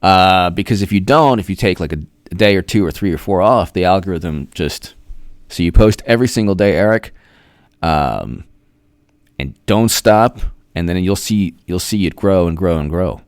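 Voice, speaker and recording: Low-voiced man chatting on a livestream. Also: normal speed, clear, resonant tone, no room sound, studio quality. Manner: rambling, reads out viewer names, draws out names in sing-song. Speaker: political commentary host. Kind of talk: casual livestream chat.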